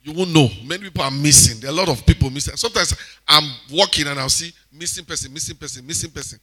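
A man with a Nigerian accent preaching to a congregation, animated, swinging between loud exclamations and quiet asides. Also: on the high side, fast talker, a crowd in the background. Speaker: church speaker exhorting congregation. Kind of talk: sermon.

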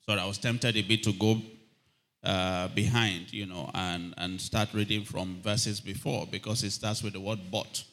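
A man's voice: on the low side, normal speed, bright, forceful tone. A man preaching a sermon, calling for amens from the congregation and reading scripture aloud with rising emphasis. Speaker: pastor.

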